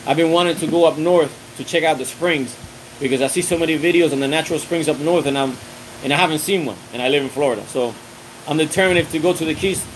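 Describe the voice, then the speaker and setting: A man in a loose, friendly live-stream chat, rambling along with plenty of restarts and "um"s as he answers viewers. His voice sits a little higher than most men's. A faint hiss of background noise runs under him. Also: rough recording. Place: outdoors on a windy day.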